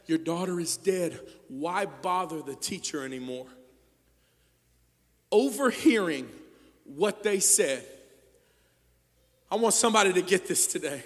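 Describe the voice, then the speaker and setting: A man preaching a sermon as pastor, moving between quiet, intimate passages and loud, shouted climaxes. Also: sits high. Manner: swings from hushed to shouted preaching. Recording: long hall reverb.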